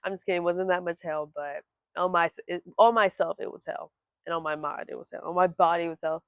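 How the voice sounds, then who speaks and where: A woman's voice: fairly low pitch, steady tone, quick pace, vocal fry, no room sound. A young woman vlogging to camera from home, talking candidly and rambling, swearing freely. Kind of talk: casual talk to camera.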